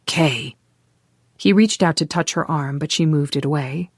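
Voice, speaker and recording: Even-voiced audiobook narrator, dry studio sound. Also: medium pitch, a little slow, no echo. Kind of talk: scripted narration.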